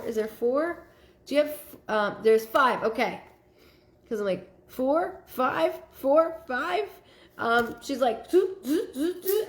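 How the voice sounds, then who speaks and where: Chatty woman medium, echoey room. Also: fairly high pitch. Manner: halting, filler-heavy, relays spirit messages. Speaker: psychic medium. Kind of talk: live psychic reading.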